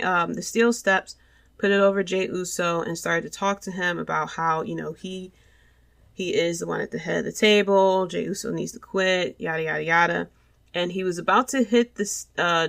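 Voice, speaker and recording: A woman's voice: fairly low pitch, creaky, fairly bright tone. A woman hosting a podcast, giving a casual, rambling wrestling review and acting out quoted lines as she retells the match. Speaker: podcast host.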